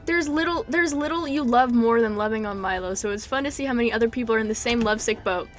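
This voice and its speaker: A woman streaming a game, chatting casually and reading its text aloud, excitable and quick to break into squeals. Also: soft background music. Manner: excitable, bursts into high squeals and laughter.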